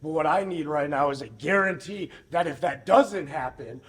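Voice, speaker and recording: A man's voice: fairly high pitch, moderate pace. A man in a backstage wrestling skit, irritated, swearing and demanding repayment.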